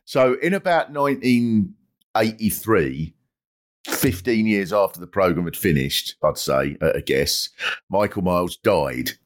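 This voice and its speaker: A man's voice: sits low, animated, measured pace. A middle-aged man hosting a comedy podcast, telling stories in a chatty way and acting out funny quoted voices. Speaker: podcast host. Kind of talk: comic storytelling chat.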